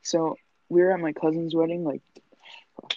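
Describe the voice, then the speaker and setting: Gravelly young man, lo-fi. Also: on the high side, little pitch movement, normal speed, slight background noise. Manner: profane, joking storyteller. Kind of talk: casual chat. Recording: dull lo-fi sound.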